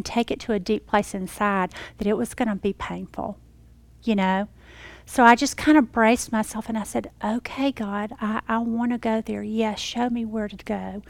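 A woman giving a personal testimony to a congregation, dramatic and folksy, swinging from loud exclamations to hushed whispers. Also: fairly high pitch. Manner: folksy, addresses the audience as y'all. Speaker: speaker addressing a congregation.

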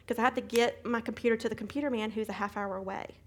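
A middle-aged woman teaching a Bible study, retelling a hectic day as an animated testimony with sound effects. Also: a little high, fast talker.

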